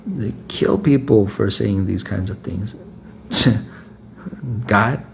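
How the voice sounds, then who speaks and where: A man with a low, gravelly voice delivers a loose, conversational sermon. He alternates between reading scripture and plain talk, and keeps asking "right?" as he repeats himself for emphasis. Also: slow, pauses often, slight background noise. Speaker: preacher.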